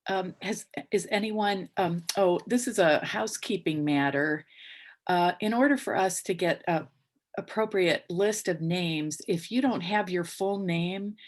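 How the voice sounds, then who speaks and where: A woman with a slightly low voice hosts a memorial on a video call. She speaks politely, with frequent fillers and small restarts. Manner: polite, halting, with many fillers. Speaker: memorial host.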